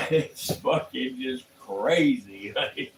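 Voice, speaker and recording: A man casually telling rambling, profanity-laced stories on a livestream, laughing often between lines. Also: medium pitch. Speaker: livestream host. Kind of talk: casual storytelling. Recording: echoey room with faint ambient noise.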